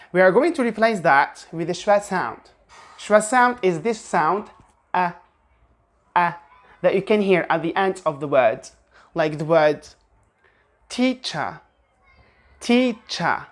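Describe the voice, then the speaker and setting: Low-voiced woman teaching pronunciation. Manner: slow, drawn-out example words repeated for practice. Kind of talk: online pronunciation lesson.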